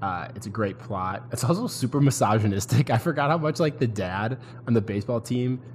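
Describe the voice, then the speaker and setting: A man's voice: mid-range voice, brisk, darkish tone, a little hiss or hum. A young man co-hosting a casual podcast chat, joking and acting out quotes in his stories. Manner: jokey, acts out quotes. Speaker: podcast co-host.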